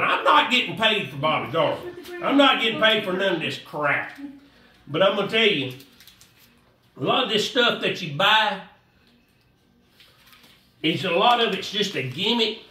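A man's voice: high-pitched, pushed and bright, roomy sound, distant mic. A man giving a casual, rambling fishing how-to, repeating himself in a folksy way. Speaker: fishing vlogger.

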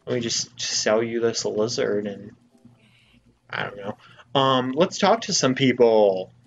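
A man's voice: medium pitch, slow, creaky, dull audio, soft background music. A young man giving let's play commentary in a playful, jokey, mock-exasperated way. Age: young adult. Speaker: gamer.

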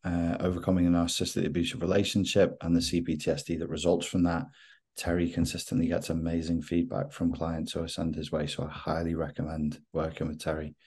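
A male host with a very low, deep voice, leading a casual interview. His tone turns jokey and teasing with his guest. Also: little pitch movement, a little fast, a little mellow, slightly rough.

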